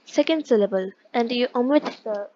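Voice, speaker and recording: A woman's voice: a little high, normal speed, warm tone, lo-fi sound, a little hiss or hum. A woman teaching an online language lesson, explaining step by step and often correcting herself mid-sentence. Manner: explains step by step, with frequent self-corrections and fillers.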